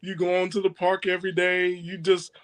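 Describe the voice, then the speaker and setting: A man's voice: high-pitched, monotone, brisk. A man co-hosting a podcast, teasing his friend in casual chat. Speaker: podcast co-host.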